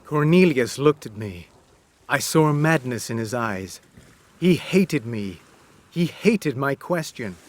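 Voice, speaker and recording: A man narrating a graded-reader story for English learners, reading slowly and clearly. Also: medium pitch. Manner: slow, clear, expressive reading. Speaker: audiobook narrator.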